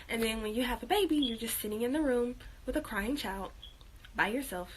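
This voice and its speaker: A woman's voice: fairly high pitch, a little fast, slight background noise, low-quality recording. A young woman vlogging at home in a casual chat, with lots of fillers and frequent laughs, talking while she works on a craft. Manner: chatty, laughs often, many fillers.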